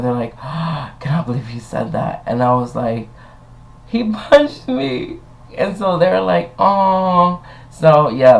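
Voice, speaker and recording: Young dude rambling into his webcam, gravelly voice, swears a lot. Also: medium pitch, poor audio. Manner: rambling, swearing, laughing between stories. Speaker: vlogger. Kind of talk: casual chat.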